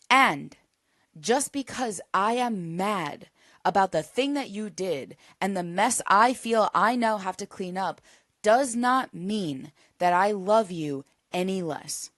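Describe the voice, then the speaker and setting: A woman's voice: medium pitch, expressive, slow pace, fairly bright tone, dry recording, studio quality. A woman hosting a solo podcast, talking in an earnest, reflective way with emphatic repetition. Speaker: podcast host.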